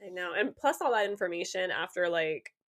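A woman in her thirties with a fairly low voice co-hosts a relaxed chat. She explains things plainly and matter-of-factly. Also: fairly quick. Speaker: co-host. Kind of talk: casual chat.

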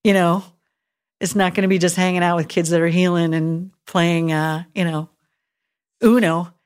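A woman's voice: lowish voice, fairly even intonation, moderate pace, a little mellow, smooth. A middle-aged woman, a hospital chaplain, telling an emotional story in a casual podcast chat and acting out what she thought and said. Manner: earnest, emotional storytelling with acted-out inner voices.

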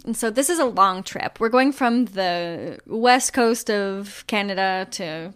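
Woman podcast host narrating a band story, lively and chatty. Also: mid-range voice, takes it slowly, smooth. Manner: animated storyteller, trailing off with fillers. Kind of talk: casual storytelling chat.

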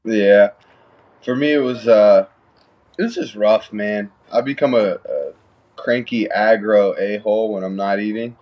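A man's voice: lowish voice, unhurried, lo-fi sound. A young man, a pro fighter, talking in a laid-back, slangy way. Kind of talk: casual chat.

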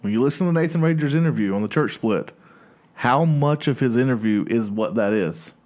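A man co-hosting a podcast, chatting in an animated, emphatic way. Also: medium pitch, a little fast. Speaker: podcast co-host. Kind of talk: casual podcast chat.

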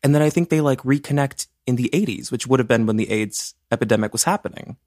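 A man co-hosts a casual podcast with a joking, storytelling manner. He laughs often and his delivery swings between animated peaks and quieter asides. His voice sits in a middle register, recorded close and dry. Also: medium pitch, fast talker, no echo. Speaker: podcast co-host. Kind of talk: casual chat.

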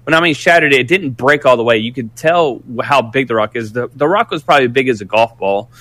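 A man casually telling a story, animated and profane, rambling with restarts. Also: medium pitch, quick pace, no room sound.

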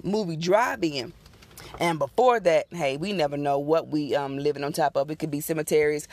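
A woman's voice: low voice, dry recording. A woman on her podcast telling a true ghost story in a casual, folksy way, talking straight to her listeners.

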